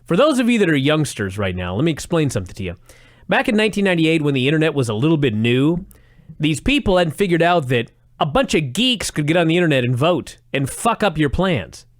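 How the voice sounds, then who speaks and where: An animated man co-hosting a podcast, talking over old wrestling shows with a sarcastic edge and frequent laughs. His pitch sits a little high and swings widely, and the sound is dry and close with no room echo. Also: a little fast. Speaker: podcast co-host. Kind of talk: casual chat reviewing old wrestling.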